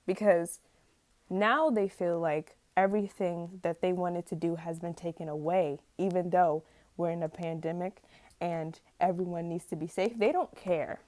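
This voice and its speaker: A woman's voice: fairly low pitch, steady tone, a little slow, darkish tone, no room sound. A young woman ranting casually to camera, rambling and exasperated, stumbling over words and laughing at herself. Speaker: vlogger.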